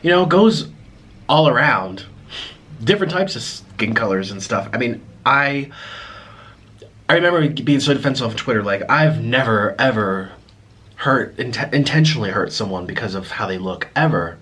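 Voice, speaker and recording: A man vlogging to camera, talking in a reflective, apologetic way with many restarts, pausing to eat. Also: medium pitch, expressive, a bit bright, breathy edge. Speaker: mukbang vlogger. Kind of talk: casual confessional talk to camera.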